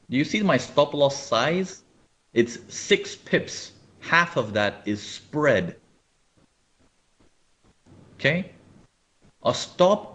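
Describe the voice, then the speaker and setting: A man running a live webinar on trading, explaining charts and often checking whether viewers follow. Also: mid-range voice. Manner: animated, asks viewers often. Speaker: trading educator.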